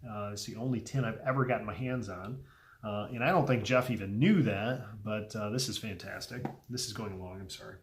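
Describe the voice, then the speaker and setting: A man hosting a casual unboxing vlog, speaking earnestly and heartfelt, a little emotional, often trailing off softly with ums between thoughts. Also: lowish voice, brisk, slight background noise. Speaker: pipe tobacco video host.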